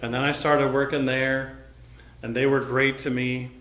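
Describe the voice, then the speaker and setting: Pastor telling a story in an echoey church. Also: male voice, mid-range voice, flat delivery, a little slow, a bit bright. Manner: casual, conversational retelling with acted-out quotes. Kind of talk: sermon storytelling. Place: church sanctuary.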